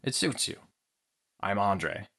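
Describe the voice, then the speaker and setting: A man voicing a smooth, flirtatious male antiques dealer in an audiobook, easygoing and teasing. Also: fairly low pitch, animated, takes it slowly, sharp tone, exaggerated voice. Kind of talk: audiobook character acting.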